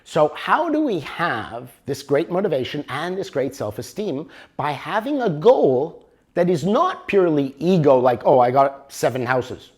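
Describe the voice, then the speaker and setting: An older man teaching a motivational workshop, animated and always checking for agreement with the audience. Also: fairly high pitch, measured pace, slightly rough. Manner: animated, keeps asking for agreement. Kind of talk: workshop lecture.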